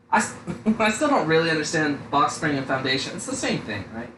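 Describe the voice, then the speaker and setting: Young guy rambling and cussing, says dude a lot, kinda high voice, echoey room. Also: a bit bright. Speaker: podcast co-host. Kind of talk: casual profane chat. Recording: echoey room with faint noise.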